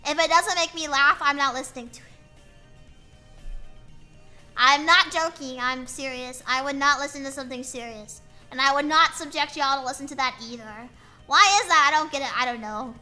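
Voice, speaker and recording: Young woman streamer, high, very bright voice, rambling self-mocking chat, soft music behind. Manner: rambling, playful, self-mocking, with frequent fillers. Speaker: VTuber streamer. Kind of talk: casual chat while drawing on stream.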